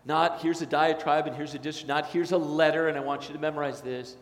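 A man's voice: a little high, fairly even intonation, brisk. A middle-aged male pastor preaching a sermon in a church, earnest and building to emphatic declarations. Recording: echoey church hall.

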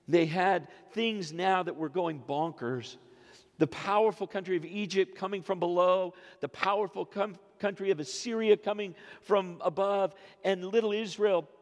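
A pastor in his fifties preaching a sermon, moving between quiet, low phrases and loud, rising exclamations. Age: 50s. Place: church sanctuary. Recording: long reverb of a church sanctuary.

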